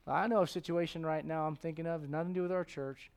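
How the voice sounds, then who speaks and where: A middle-aged man preaching a sermon as pastor, animated, swinging from loud exclamations to hushed tones and acting out voices in his stories. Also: a little high, quick pace, smooth. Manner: acts out voices in his stories, chuckles often.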